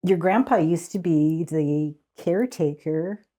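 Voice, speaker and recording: A woman in her seventies from the Squamish Nation, telling childhood stories in a relaxed interview, often laughing. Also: on the low side, measured pace. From Squamish Nation, Canada. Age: 70s. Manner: animated, laughing, restarts sentences. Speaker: community elder guest. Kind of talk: conversational storytelling.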